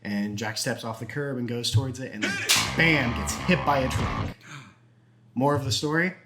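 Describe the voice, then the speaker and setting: A young man in the middle of his range rambles through a shaggy-dog joke, giggling and acting out bits of dialogue. Faint music sits behind his casual storytelling. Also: mid-range voice. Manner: rambling, giggly, acts out characters in quick snippets. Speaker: YouTube host telling a joke.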